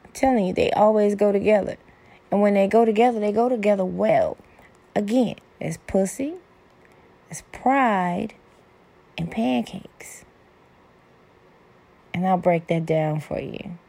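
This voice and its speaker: Gravelly-voiced woman podcaster. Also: mid-range voice, a little slow, long pauses, warm tone. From American South. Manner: candid, rambling, self-deprecating and salty. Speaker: podcast host. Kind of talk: casual solo podcast monologue.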